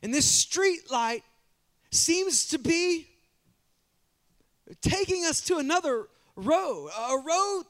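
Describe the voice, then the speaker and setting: A male pastor preaching a sermon in a church, animated and direct with the congregation, often repeating words as he builds a point. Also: very high-pitched.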